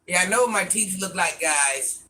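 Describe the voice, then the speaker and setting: A man's voice: high voice, expressive, moderate pace, bright, forceful tone, slight background noise. A man rambling through a casual live stream, answering viewer comments and talking to people off camera in a folksy way.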